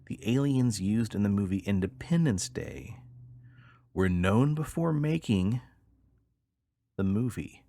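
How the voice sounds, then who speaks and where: A man hosting a podcast, narrating a story from his research in a measured storytelling manner. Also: lowish voice, gravelly, no echo. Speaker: podcast host.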